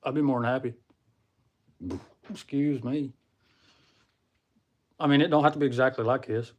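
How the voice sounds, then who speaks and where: The host, a young man with a Southern American accent, has a steady mid-range voice and talks at normal speed, chatting folksily with stream viewers he calls y'all. His computer or phone mic cuts off the highs and adds a little hiss or hum.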